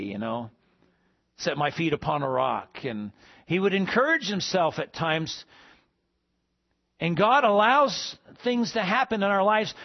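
A man's voice: sits high, lo-fi sound. A man preaching a sermon as pastor, calling out to the congregation with asides. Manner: preaching with call-and-response asides.

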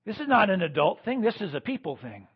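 A man preaching a sermon as pastor, swinging between loud emphatic lines and quiet ones. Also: sits high, very animated, quick pace, slightly rough, muffled recording.

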